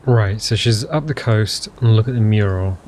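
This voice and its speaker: A man's voice: on the low side, moderate pace, a little mellow, a little hiss or hum. A man playing a video game in casual commentary, reading its text aloud with jokey asides. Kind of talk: casual let's-play commentary.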